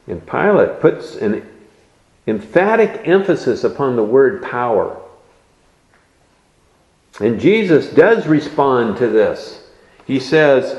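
A man delivers an expository sermon at an unhurried pace, weighing each point and leaning on key words. His voice carries through a roomy space with plenty of echo, and the recording is a little dull and muffled. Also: medium pitch, big pitch swings, darkish tone. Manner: measured teaching, stressing key words. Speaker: preacher.

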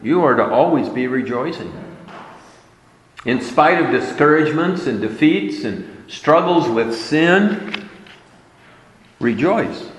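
Male preacher, slow and emphatic delivery, long reverb of a hall. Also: on the high side, expressive, slight background noise. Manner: emphatic, repeating key words. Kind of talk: sermon.

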